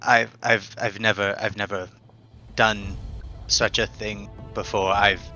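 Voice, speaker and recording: Man as an earnest, pious youth; formal, stammering, bright-toned, a bit low. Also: flat delivery, slow pace, faint music behind, exaggerated voice. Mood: flustered. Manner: stammering, overly polite. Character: earnest, devout young man, formal and shy. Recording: dull lo-fi mic.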